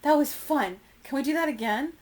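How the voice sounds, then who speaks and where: A woman's voice: animated, normal speed. A woman doing an eager baby gorilla girl. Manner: high, eager, breathless.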